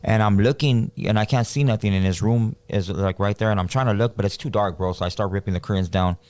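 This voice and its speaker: A man's voice: lowish voice, quick pace, no room sound. A man, co-hosting a podcast and telling a story in a loose, slangy way. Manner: animated storyteller, acts out quoted voices, slangy. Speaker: podcast co-host. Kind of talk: casual storytelling chat.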